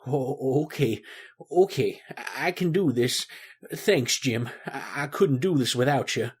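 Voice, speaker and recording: A man's voice: mid-range voice, expressive, measured pace, breathy edge, pitched below the performer's own voice. A man voicing a pompous, vengeful man who rants and swears about waging war on birds, in an improvised comedy sketch. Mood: nervous. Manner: grandiose, ranting, swearing.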